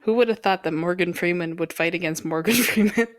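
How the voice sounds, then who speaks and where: A woman's voice: fairly low pitch, fairly quick, no room sound. A woman podcast co-host chatting casually, playful and laughing often. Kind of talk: casual chat.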